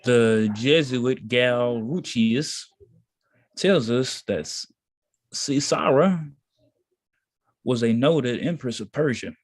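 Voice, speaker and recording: A man reading a text aloud slowly and deliberately, pausing now and then to comment. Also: medium pitch. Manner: slow, deliberate reading with pauses. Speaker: reader in a study session.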